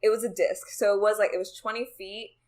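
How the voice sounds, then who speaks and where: A woman's voice: medium pitch, fairly even intonation, a little fast, a little mellow. A woman co-hosting a podcast, casually telling a story in a chatty, sweary way with lots of "like". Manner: chatty, sweary, says "like" a lot. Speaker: podcast co-host.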